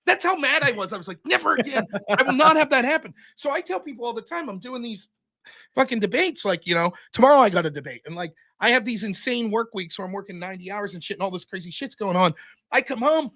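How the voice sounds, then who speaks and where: A young man telling a story on his stream in a profane, animated way, as the host of the show. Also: sits high, fast talker.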